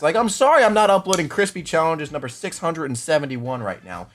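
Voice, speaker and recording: Young guy gaming at home, a bit high and bouncy, music under him; wild reactions, laughs at himself. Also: brisk, few pauses. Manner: excitable, shouts and laughs often, self-mocking. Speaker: gaming YouTuber. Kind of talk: excitable gameplay commentary. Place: home room.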